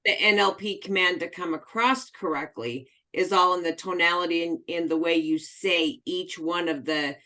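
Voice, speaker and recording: A woman's voice: lowish voice, normal speed, hardly any pauses, sharp tone. A woman taking part in a coaching video call, adding points in an earnest, emphatic way. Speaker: participant in the coaching session. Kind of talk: casual chat on a video call.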